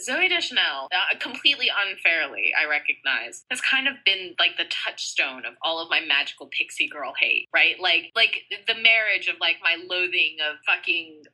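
A woman's voice: lowish voice, big pitch swings, moderate pace, hardly any pauses, pushed and bright, poor audio. A woman in casual chat, ranting emphatically and with self-awareness.

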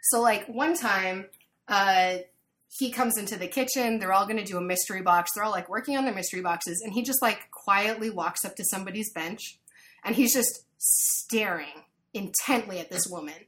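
A woman chatting casually, telling an animated story full of fillers. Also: medium pitch, moderate pace. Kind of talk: casual chat.

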